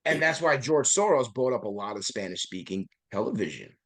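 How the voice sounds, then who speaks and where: A man's voice: lowish voice, big pitch swings, brisk, fairly bright tone. A man in a heated podcast chat, talking in an emphatic, profane way and often asking "right?". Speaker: podcast guest.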